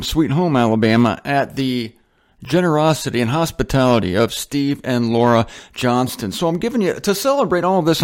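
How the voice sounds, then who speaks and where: A man hosting a Bible teaching show, talking in a loose, conversational way with asides and slow, dramatic emphasis. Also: mid-range voice. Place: indoors, a guest home. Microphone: headphones on, talking into a mic.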